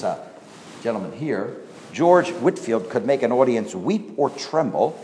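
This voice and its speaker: A man preaching a sermon, his voice swelling on key points and then dropping low. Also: darkish tone, long reverb tail, slight background noise. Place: church hall.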